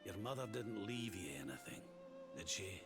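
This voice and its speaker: A man's voice: on the low side, big pitch swings, normal speed. An actor playing an old grieving grandfatherly king with a Scottish accent, heard from a video game. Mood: sorrowful. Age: older. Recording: game audio over loud music.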